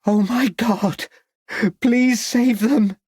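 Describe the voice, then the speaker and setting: A man's voice: mid-range voice, animated, measured pace, breathy edge, dry recording, studio quality. A man voicing a frantic young woman who pleads and cries out in despair. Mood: anguished. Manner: anguished, pleading.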